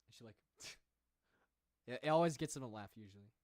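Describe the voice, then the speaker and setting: A man's voice: medium pitch, lively intonation, moderate pace, a little mellow, no room sound, clean studio sound. Easygoing young man chatting on a livestream. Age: 20s. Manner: rambling, easygoing, laughs at himself. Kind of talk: casual livestream chat, reading viewer comments. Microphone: desk microphone and headset.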